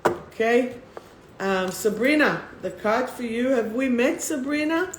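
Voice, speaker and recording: A woman hosting a live spiritual card reading, who calls viewers by name and reads each affirmation slowly, then repeats it. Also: a little high, a little hiss or hum. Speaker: spiritual host. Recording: roomy echo.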